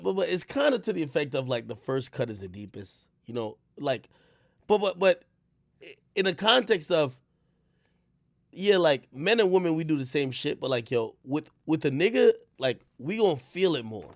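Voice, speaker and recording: Animated rambling man, lively pitch swings. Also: creaky, no echo, studio quality. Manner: rambling, animated, swings from low mutters to shouts; frequent stammered restarts and fillers. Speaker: streamer host. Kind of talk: casual stream commentary.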